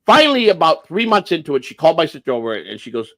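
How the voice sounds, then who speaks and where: A man's voice: fairly high pitch, big pitch swings, fast, sharp tone. Blunt, profane man around sixty. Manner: blunt, profane and emphatic, with many restarts. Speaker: livestream host. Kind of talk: casual storytelling on a livestream.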